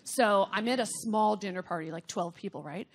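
A woman's voice: medium pitch, normal speed. A comedian in her fifties, a woman from the United States, telling a candid anecdote in an interview with blunt asides. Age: 50s. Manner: animated, gossipy storytelling with blunt asides. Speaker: comedian guest.

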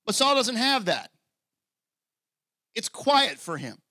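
Animated, forceful male pastor preaching. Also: extremely high pitch, slow pace, no echo. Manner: animated, conversational preaching with asides; acts out scripture quotes in character voices. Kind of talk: sermon.

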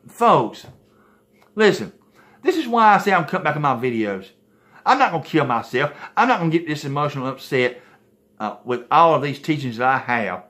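A man's voice: a little high, sing-song, moderate pace, pauses often, pushed and bright. A man preaching to a video audience in an impassioned, emphatic way. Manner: impassioned, emphatic, repeatedly saying "folks, listen".

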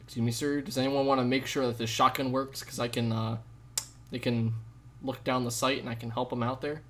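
A young man live-streaming a game, chatting with viewers in a jokey, rambling way with sudden loud outbursts. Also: medium pitch, flat delivery, a little fast. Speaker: gaming streamer. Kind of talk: live gameplay commentary with chat.

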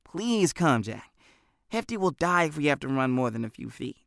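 A man voicing an excited, pleading middle school boy teammate in an audiobook. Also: mid-range voice, normal speed, gravelly, dry recording, clean studio sound. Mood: eager.

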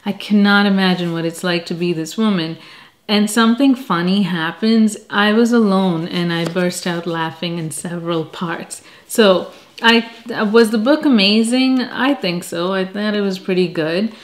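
A middle-aged woman chatting casually about books she has read, self-deprecating, with animated asides. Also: mid-range voice, normal speed. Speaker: book reviewer. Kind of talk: casual chat.

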